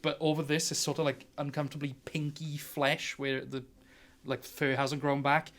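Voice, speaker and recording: Animated game master. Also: male voice, fairly high pitch, normal speed. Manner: animated, laughing often, many fillers. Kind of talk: narrating a tabletop game.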